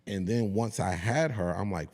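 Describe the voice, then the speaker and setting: A man around forty, a podcast guest, chatting casually and telling stories in a profane, animated way. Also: lowish voice, normal speed.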